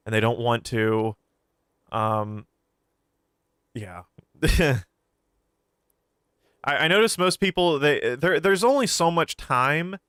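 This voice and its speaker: A man's voice: mid-range voice, fairly bright tone, clean tone, no room sound, clean studio sound. A man streaming a game, chatting casually to his viewers in a rambling way that often trails off. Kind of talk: casual commentary while playing.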